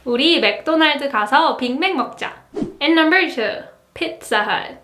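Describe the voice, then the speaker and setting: A Korean woman with a Korean accent, teaching her own language in a cheerful online lesson and repeating each word slowly for learners. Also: sits high, lively intonation, a bit bright, echoey room, a little hiss or hum.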